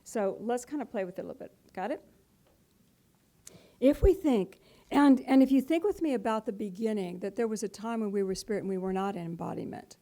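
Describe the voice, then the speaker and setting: A woman's voice: medium pitch, fairly quick, warm tone. A middle-aged woman, a spiritual teacher, giving a playful, conversational talk to a live audience and laughing often.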